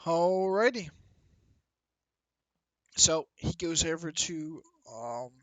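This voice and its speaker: A man's voice: a little high, animated, drawn-out words, fairly bright tone, no room sound, low-quality recording. A man narrating casually as the game master of a tabletop game, with frequent fillers. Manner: casual, laid-back, with fillers.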